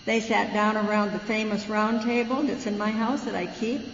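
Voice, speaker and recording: A woman's voice: medium pitch, fairly even intonation, moderate pace. A woman with an American accent giving a frank, folksy personal recovery talk as a guest speaker at a meeting. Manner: folksy storytelling, frank and plainspoken. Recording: dull, echoey hall recording with hum.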